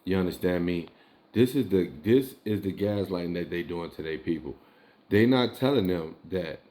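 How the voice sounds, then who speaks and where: A man's voice: deep voice, warm tone. A tipsy man giving casual reaction commentary, emphatic and profane, firing off rhetorical questions.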